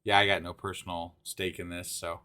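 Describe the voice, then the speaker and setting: A man's voice: low voice, flat delivery, a little fast, bright, forceful tone, smooth. A man co-hosting a podcast in irreverent casual chat, giving sarcastic, skeptical commentary full of swearing. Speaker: podcast co-host.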